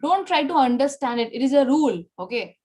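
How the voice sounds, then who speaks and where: A woman teacher with a high-pitched voice leads an online Spanish class. She explains patiently, tagging almost every line with "okay?" or "right?" to check that students follow. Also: big pitch swings, fairly quick, darkish tone. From India.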